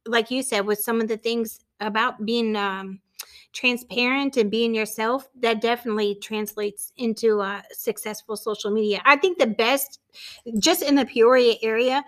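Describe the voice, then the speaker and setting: A soft-spoken woman, a marketing business owner, chatting as a podcast guest. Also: a little high, moderate pace. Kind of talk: casual podcast chat.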